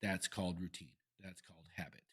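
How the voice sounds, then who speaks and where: A man's voice: sits low, steady tone, a little fast, husky. A man hosting a solo podcast, talking casually and candidly with plenty of swearing and restarts. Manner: candid, profane, rambling with restarts. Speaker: podcast host. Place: Iowa.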